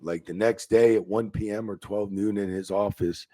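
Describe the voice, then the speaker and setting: A man who is a former wrestling referee, telling profane, animated backstage stories in a casual interview and acting out the quotes. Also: on the low side, normal speed, no room sound. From New Jersey.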